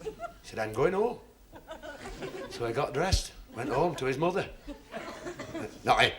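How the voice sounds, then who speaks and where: A man telling a long joke on stage as a stand-up comedian, rambling and stammering, dropping his voice low at times. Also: expressive, a little slow. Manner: rambling, stammering delivery that drops to a mutter. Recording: 1970s TV stage recording with hiss.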